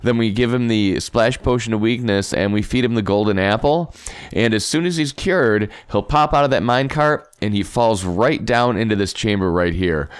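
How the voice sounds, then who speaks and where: A man's voice: fairly low pitch, moderate pace, smooth, no echo, studio quality. A man hosting a Minecraft let's play, swinging between mock outrage and upbeat step-by-step explaining. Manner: mock-outraged, shouting in bursts; upbeat explaining tutorial talk. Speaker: gaming video host.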